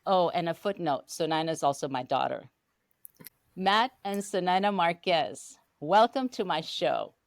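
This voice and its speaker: A woman's voice: on the low side, lively intonation, unhurried, no echo. An older woman hosting an interview podcast, welcoming her guests formally and asking questions. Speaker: podcast host. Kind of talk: hosted interview.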